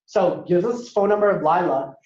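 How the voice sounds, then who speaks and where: A man giving a lively storytelling talk as a guest speaker at a university, acting out dialogue in a casual way. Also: high-pitched, fairly quick. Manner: animated, acts out dialogue, casual. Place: university lecture hall. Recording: echoey hall, dull lo-fi sound.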